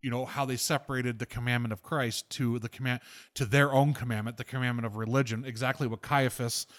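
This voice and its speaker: Guy hosting a podcast, lively storytelling, cracks jokes then gets preachy. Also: medium pitch, fairly quick. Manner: animated storyteller, irreverent, rising to preachy. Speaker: podcast host. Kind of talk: casual podcast chat.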